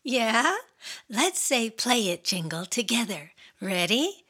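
A woman's voice: fairly high pitch, big pitch swings, slow, sharp tone, slightly rough. A woman hosting a children's radio show, bubbly and sing-song, talking straight to the kids listening.

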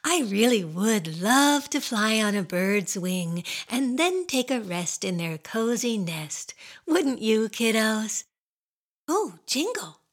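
Kids radio lady, fairly high voice, talks super slow and bouncy. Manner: slow, sing-song, animated talk to kids. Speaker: children's radio show host. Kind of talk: playful chat and singing for small children.

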